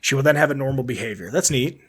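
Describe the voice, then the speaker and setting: A man's voice: mid-range voice, quick pace, fairly bright tone, husky. A young man co-hosting a casual podcast, reading out game trivia in a rambling way and laughing at his own slips. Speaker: podcast co-host. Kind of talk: casual chat.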